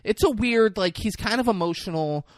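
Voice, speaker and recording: A man on a podcast casually recapping a movie plot, jumping into loud, high voices when he quotes the characters. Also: normal speed, no echo, studio quality. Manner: animated retelling, acting out characters in quotes. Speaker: podcast co-host.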